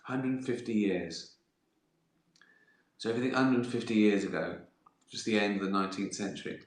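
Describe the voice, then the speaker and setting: The voice is on the low side, the pace moderate, the sound roomy: a middle-aged livestream host casually responding to viewers' questions. He meanders, swears, and laughs along with his own stories.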